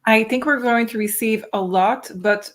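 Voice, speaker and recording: A woman's voice: fairly high pitch, moderate pace. A woman tarot reader who is losing her voice, giving earnest advice in a casual chat and sometimes correcting herself.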